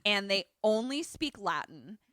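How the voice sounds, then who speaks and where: A woman's voice: mid-range voice, unhurried, no room sound, clean studio sound. A woman co-hosting a podcast, casually recapping a film and acting out the characters' lines as she goes. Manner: animated retelling, acts out quoted lines. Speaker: podcast co-host. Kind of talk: casual movie recap chat.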